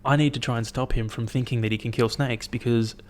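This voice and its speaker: A young man hosting his own podcast, chatting in a rambling, profane, animated way as he tells stories. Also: medium pitch, fast, slight background noise. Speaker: podcast host. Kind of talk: casual solo podcast chat.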